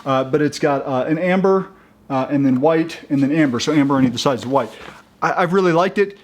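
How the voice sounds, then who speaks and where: A man talking casually in a how-to video, halting and upbeat, with many restarts and fillers as he works. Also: on the high side. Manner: chatty and upbeat. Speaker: vlogger installing a roof rack.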